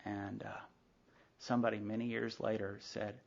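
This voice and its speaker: Gravelly middle-aged man telling his story. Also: lowish voice, little pitch movement, normal speed. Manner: candid storytelling with frequent asides and acted-out dialogue. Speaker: recovery meeting speaker. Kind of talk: personal recovery story told to a group. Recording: dull lo-fi tape of a live meeting talk.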